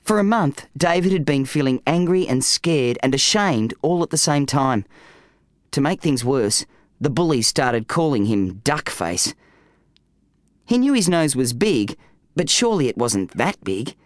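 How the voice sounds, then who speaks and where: A man reading a children's story aloud as an audiobook narrator, with an expressive, animated delivery. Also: medium pitch, a little slow, dry recording, studio quality.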